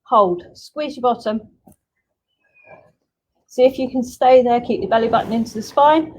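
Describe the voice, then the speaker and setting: A fairly high-voiced woman talks a home workout class through each exercise. Her coaching is upbeat and chatty, and she sounds slightly out of breath as she moves. She is recorded by a camera set some distance away. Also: normal speed, darkish tone, a little hiss or hum. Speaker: fitness instructor. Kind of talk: live workout class instruction.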